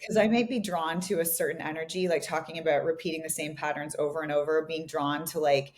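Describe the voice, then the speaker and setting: Female podcast coach, lowish voice, reflective, laughs easily, chatty fillers. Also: steady tone, fast talker. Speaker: podcast co-host and relationship coach. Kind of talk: casual podcast conversation.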